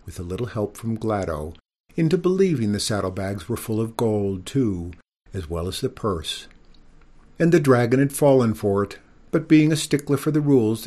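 A man reading a children's story aloud, expressive and giving each character a voice. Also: mid-range voice.

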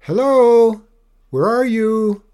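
A man voicing a big bossy mother dragon with a high-pitched, sing-song calling voice. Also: sing-song, normal speed, darkish tone, slightly rough.

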